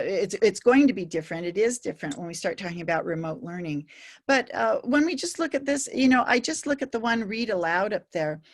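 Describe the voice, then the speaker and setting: A woman presenting a teacher-training workshop, explaining with frequent fillers and restarts, voicing students animatedly. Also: medium pitch. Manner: lively, animated when quoting students.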